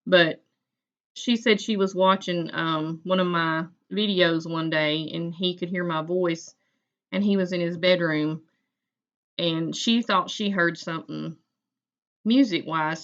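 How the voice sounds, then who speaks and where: A woman's voice: fairly low pitch, steady tone, unhurried, lo-fi sound. A woman, hosting a casual livestream chat and greeting viewers by name in a folksy way. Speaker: livestream host.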